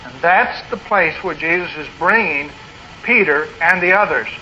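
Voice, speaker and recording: Male preacher, high-pitched, earnest and emphatic; muffled lo-fi recording. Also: moderate pace, pushed and bright. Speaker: pastor. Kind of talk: sermon. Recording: dull lo-fi recording with faint noise.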